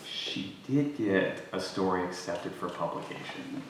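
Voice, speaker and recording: A man, a creative writing professor, gives a joking introduction at a live reading, chuckling often and filling pauses with ums. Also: low-pitched, expressive, very noisy. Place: event hall with audience. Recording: echoey hall recorded from far off.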